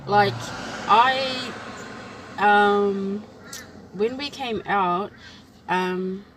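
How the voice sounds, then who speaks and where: A woman's voice: medium pitch, very slow, background noise. A woman, telling a personal story in a casual chat and acting out what people said. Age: 20s. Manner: animated storytelling, acts out quoted lines. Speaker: vlog host.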